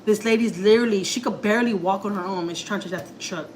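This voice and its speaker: Racing through a story for her viewers, this family vlogger speaks at medium pitch over slight background noise on a rough recording. It's a casual, emotional, confiding ramble packed with the fillers "like" and "you know."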